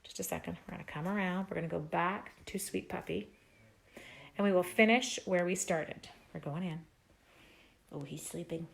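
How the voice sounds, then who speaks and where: A woman's voice: fairly low pitch, moderate pace, gravelly. A woman from Canada hosting a live card-stamping stream, chatting as she works and thanking viewers by name. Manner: chatty, warmly addresses viewers as "my dears". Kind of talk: live craft demo chat.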